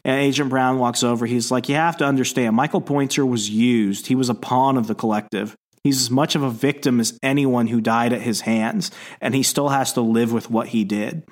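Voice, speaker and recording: A man's voice: medium pitch, fairly even intonation, moderate pace, hardly any pauses. A man on a podcast, casually retelling a comic issue, quoting the characters in his own voice and laughing now and then. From Canada. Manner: casual, quotes characters in plain voice, laughs often. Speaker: podcast co-host recapping comics.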